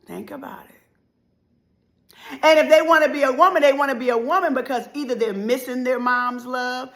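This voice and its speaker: Middle-aged woman speaker, somewhat high, sharp bright tone, preacher-style repetitive build-ups. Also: fairly even intonation, quick pace. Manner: preacherly, repetitive cadence with sudden loud and soft swings. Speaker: motivational life speaker. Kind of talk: impassioned motivational speech.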